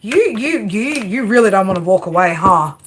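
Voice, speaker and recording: A woman doing a live tarot reading, talking straight to the viewer in a brash, sweary, chatty way. Her pitch sits in a middle range for a woman. A steady noise runs clearly under her voice. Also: normal speed. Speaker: tarot reader.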